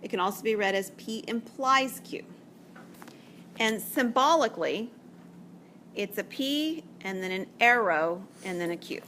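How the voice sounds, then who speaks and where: A woman's voice: mid-range voice, lively intonation, a little slow, sharp tone, slight background noise. A woman math teacher lecturing to a class, chatty and checking in often with "okay?". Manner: chatty, explains step by step with frequent "okay?" checks.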